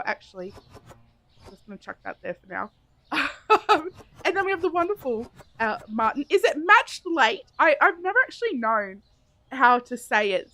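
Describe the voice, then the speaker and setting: High-voiced, giggly woman streaming a game. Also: pushed and bright. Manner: chatty and giggly, talks to viewers while thinking aloud. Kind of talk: casual live-stream chat while playing.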